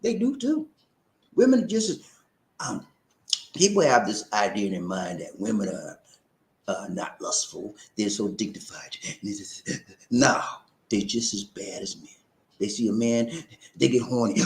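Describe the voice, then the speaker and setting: Reading viewer comments on his casual livestream, a man speaks in a preachy, lively way, often repeating phrases and laughing. The medium-pitched voice moves at a moderate pace, and the audio is reverberant.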